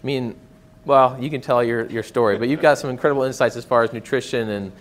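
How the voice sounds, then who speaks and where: A man's voice: mid-range voice, a little hiss or hum. A man hosting a small event, introducing the next speaker casually with many restarts. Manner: halting, full of restarts.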